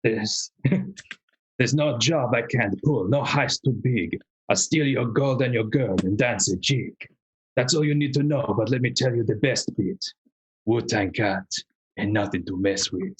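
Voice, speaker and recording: Boastful cat rogue, rhyming swagger, husky tone, played by a man. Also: mid-range voice, extremely slow, rough recording. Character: swaggering rapping male cat thief.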